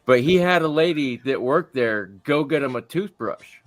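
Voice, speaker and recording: A man's voice: mid-range voice, animated, moderate pace. A man chatting casually, telling anecdotes in a laid-back, profane way. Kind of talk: casual chat.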